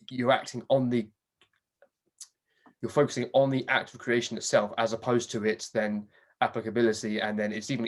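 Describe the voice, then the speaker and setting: A man hosts a relaxed podcast chat, speaking bluntly and swearing freely. His voice sits at an ordinary middle pitch, and he often restarts his sentences as he talks. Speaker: podcast host. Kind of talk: casual conversation.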